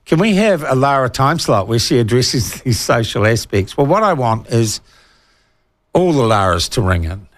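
A man's voice: medium pitch, dry recording. A man with a New Zealand accent hosting talkback radio, blunt and sarcastic, reading out listener texts. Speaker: radio talk show host.

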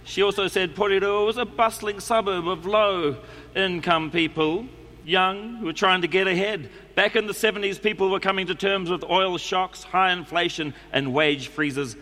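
A man's voice: high-pitched, moderate pace, pushed and bright. A man with a New Zealand accent reading a letter aloud to a live audience, in a dry, formal, mock-serious way. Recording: echoey hall, faint background noise.

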